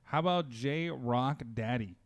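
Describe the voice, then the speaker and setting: A man with a mid-range voice speaks slowly while hosting a casual wrestling talk podcast from his home studio. He's chatty, full of fillers and restarts, and recorded on a close studio mic.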